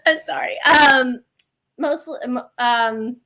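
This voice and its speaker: A woman's voice: sits high, slow, bright, forceful tone. A woman from Canada with a General American accent, a guest in a casual live stream chat, giggly and rambling with many restarts.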